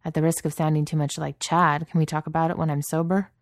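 A woman voicing a wary but loyal young man in a storybook reading, speaking in a guarded, measured way. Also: low voice, flat delivery, no room sound, clean studio sound.

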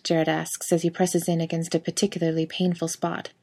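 A woman narrating a fiction audiobook in an even, steady storytelling manner. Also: on the low side, a little fast.

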